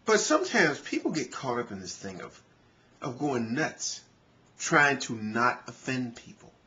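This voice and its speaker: A man's voice: mid-range voice, big pitch swings, unhurried, sharp tone, muffled recording. A man vlogging in an earnest, conversational way, with frequent "you know" fillers. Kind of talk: casual talk to camera.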